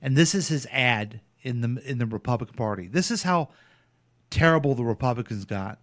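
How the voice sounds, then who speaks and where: A Missouri man co-hosts a talk radio show, keeping the political chat loose and blunt in an expressive, brisk, slightly bright voice that sits mid-range for a man. He gets indignant over the clips he plays and laughs often.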